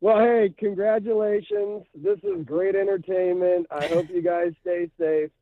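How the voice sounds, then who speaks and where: A man calling into a radio show, cheerful and animated, heard over the phone. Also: high-pitched, unhurried, gravelly, no room sound. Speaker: caller. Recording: tinny phone line.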